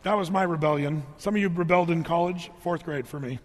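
Brief: male pastor, lighter high voice, lively conversational sermon with humorous asides, long hall reverb. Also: fast. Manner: animated, conversational, joking asides. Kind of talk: storytelling sermon.

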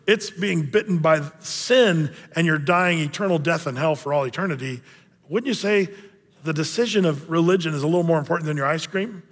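A man's voice: sits high, a bit bright, in a large hall. A man preaching a sermon as a pastor, in a conversational way with joking asides.

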